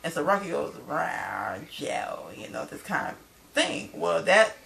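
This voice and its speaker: Chatty woman with a gravelly voice. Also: on the low side, lively intonation, normal speed, a bit bright. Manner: chatty, loose, addresses viewers as y'all. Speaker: TV show recapper. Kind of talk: casual spoken recap.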